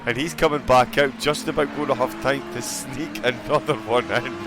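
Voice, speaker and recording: A man commentating on an online sim racing qualifying session, excitable and joking. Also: medium pitch, over music. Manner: excitable, fast-talking, joking.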